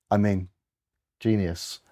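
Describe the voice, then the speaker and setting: With a darkish tone and a voice on the low side, a man presents slides to an audience in a conversational style. He rambles, often restarting sentences and correcting himself.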